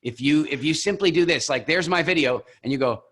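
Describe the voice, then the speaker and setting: A man leading a coaching call over video, telling stories with animated, expressive delivery. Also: fairly high pitch, fairly quick. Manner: animated, expressive storyteller who acts out examples. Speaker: program founder coaching coaches.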